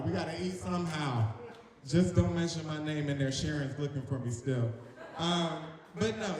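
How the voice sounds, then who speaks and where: A man's voice: on the high side, normal speed, a crowd in the background. A young man from North Carolina doing playful, chatty stand-up comedy on a stage mic, teasing the audience. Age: young adult. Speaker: stand-up comic. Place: large echoing hall on stage. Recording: echoey hall reverb.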